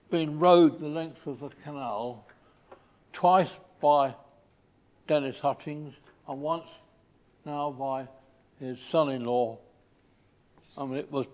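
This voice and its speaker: An older man from England giving an informal slide talk, pausing often with fillers and restarts. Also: medium pitch, darkish tone. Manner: halting, with many fillers and restarts.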